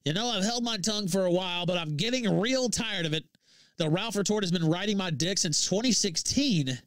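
Furious, high-pitched man ranting on stream. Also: a little fast, a bit bright, no echo, studio quality. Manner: profane, heated, laughs between lines. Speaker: livestream host. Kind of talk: angry livestream rant.

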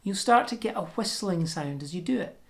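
A woman giving a pronunciation lesson, explaining sounds step by step and demonstrating them slowly and deliberately. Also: mid-range voice, expressive. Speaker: language teacher.

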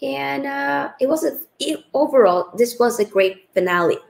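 A woman's voice: high-pitched, animated, a little slow, gravelly, poor audio. A woman hosting a live football watchalong, chatting casually and reading out viewer comments, tired after a long stream. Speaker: livestream host.

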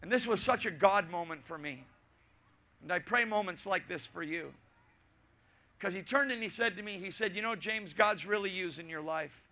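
A middle-aged male pastor preaching a sermon, telling a personal story with asides and repetition, swinging between loud and hushed. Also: sits high, normal speed.

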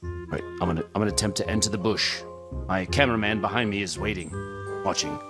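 Guy doing a super low nature-doc narrator, hushed and solemn, music under it. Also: fast. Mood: mock-solemn. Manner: mock-solemn, hesitant narration. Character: hushed male wildlife documentary narrator. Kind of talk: parody nature documentary over gameplay.

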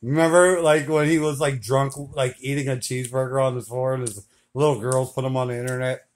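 A man in his forties filming at home, laughing hard, swearing and talking loudly in casual chat. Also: medium pitch, little pitch movement, a little fast. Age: 40s.

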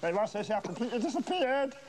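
A man hams it up as a grand, bumbling salesman in a children's comedy. He talks in showy, pompous patter and chants his magic words. His voice sits high and leaps all over the place. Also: very animated, very fast, background noise. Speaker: comic visiting salesman. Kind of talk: slapstick children's comedy acting.

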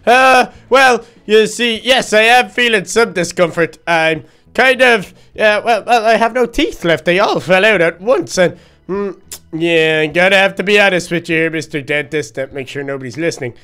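Cheeky boy duckling, played by a man, high and smooth, excitable rambler for game role-play. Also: moderate pace. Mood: rambling. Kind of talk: Minecraft role-play voice acting.

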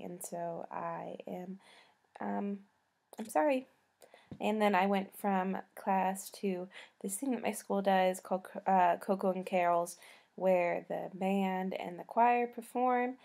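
A tired young woman with a slight Southern US accent, a college student rambling casually to the camera, often trailing off softly. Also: mid-range voice, vocal fry. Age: young adult.

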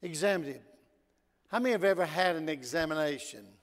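A man preaching a sermon in a church, telling stories and swinging between loud emphasis and quiet asides. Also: fairly high pitch, expressive, fairly quick. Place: church sanctuary. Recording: long church hall reverb.

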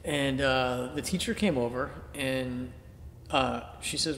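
A middle-aged man from Boston recalls his past in a relaxed, storytelling way, full of "you know" and acted-out inner thoughts. His mid-pitched voice rings through a large, roomy space with a long reverb tail. Faint ambient noise sits under it. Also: moderate pace. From Boston, Massachusetts, USA. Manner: animated anecdotes with acted-out inner thoughts, many fillers. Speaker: artist being interviewed. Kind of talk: casual storytelling interview.

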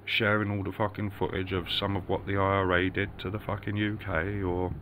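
A man's voice: deep voice, little pitch movement, brisk, fairly bright tone, a little hiss or hum. A man from the United Kingdom rambling in a vlog monologue, swearing constantly and muttering asides to himself.

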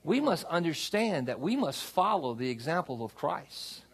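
Gravelly, lively-voiced man preaching. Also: on the high side, normal speed. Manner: conversational preaching with call-and-response asides. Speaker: pastor. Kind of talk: sermon. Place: church sanctuary.

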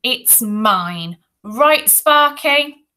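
A boastful schoolboy bully from a storybook, as a woman reads him out, stretching his words slowly and loudly. The tone is bright and sharp, full of mean swagger. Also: sits high, sing-song, voice pushed up, heavily acted. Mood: taunting. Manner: loud, drawn-out, taunting.

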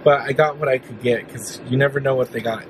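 A man's voice: mid-range voice, a little fast, background noise. Giggly, chatty young-sounding man vlogging. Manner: chatty, giggly, laughs often. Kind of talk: casual vlog chat. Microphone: handheld camera.

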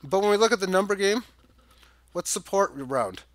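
A man's voice: high voice, lively intonation, fairly quick, dry recording. A man giving a rambling, casual chart walkthrough, thinking aloud with fillers and restarts. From Canada. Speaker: crypto chart analyst.

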